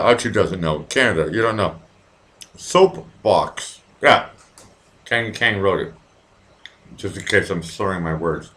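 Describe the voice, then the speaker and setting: A man's voice: lowish voice, fairly bright tone. Rambling, profane man on a livestream. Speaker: livestream host. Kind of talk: casual livestream chat with viewers, drinking. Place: at home in Vienna.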